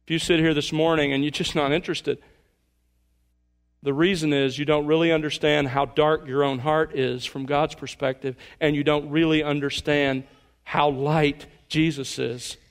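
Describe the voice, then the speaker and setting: A male pastor preaching an earnest sermon to his congregation, slowing down to stress key words and dropping to a hush for emphasis. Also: on the high side, little pitch movement.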